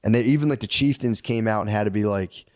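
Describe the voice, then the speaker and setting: A man's voice: fast, a little mellow, dry recording, studio quality. A man co-hosting a comedy podcast, casually retelling history in rambling slang, dropping his voice to act out the people he quotes. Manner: rambling storyteller, slangy, acts out quotes in a lowered voice. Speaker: podcast co-host.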